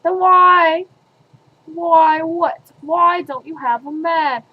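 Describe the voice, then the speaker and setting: A young woman chats in a goofy, playful way for her vlog, with a very high voice. She talks slowly and unhurriedly, jokes constantly and argues back at herself. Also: fairly even intonation, pushed and bright, rough recording. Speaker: vlogger. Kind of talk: silly casual chat.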